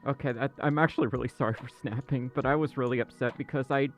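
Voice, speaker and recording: A man's voice: mid-range voice, fairly even intonation, fast, soft background music. A man hosting a casual livestream chat, flustered, stammering and apologetic. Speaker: livestream host. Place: dark room indoors.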